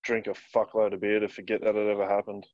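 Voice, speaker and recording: A man's voice: fairly low pitch, monotone, fast talker, darkish tone, dry recording, dull audio. A man co-hosting a casual podcast, chiming in with wry, profane jokes. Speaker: podcast co-host.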